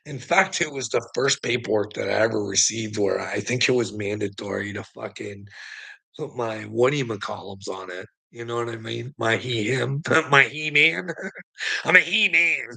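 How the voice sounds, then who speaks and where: A middle-aged man talks to his livestream viewers in a loose, rambling monologue. His voice is gravelly and forceful, with lots of swearing and frequent laughter between thoughts. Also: mid-range voice, measured pace, rough recording. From Canada. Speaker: livestreamer talking to chat.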